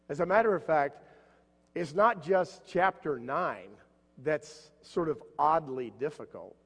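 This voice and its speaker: A man preaching a sermon as pastor, an animated storyteller who jumps up in pitch for the voices in his stories. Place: church sanctuary. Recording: long hall reverb.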